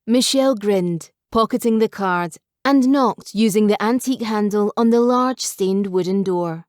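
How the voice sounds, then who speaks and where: A woman calmly narrating a novel as an audiobook reader. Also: medium pitch, unhurried, hardly any pauses, no room sound, clean studio sound. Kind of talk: scripted narration.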